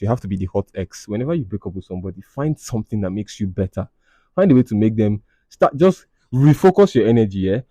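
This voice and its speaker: A man's voice: lowish voice, dark tone, slightly rough, no echo. A man, hosting a podcast and reading confessions aloud in a casual, blunt, profane, teasing way. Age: 20s. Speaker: podcast host.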